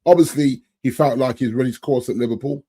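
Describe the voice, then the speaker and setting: A man's voice: mid-range voice, a little fast, dark tone, breathy edge. A man talking as a guest on a casual football podcast, easygoing, often restarting his sentences.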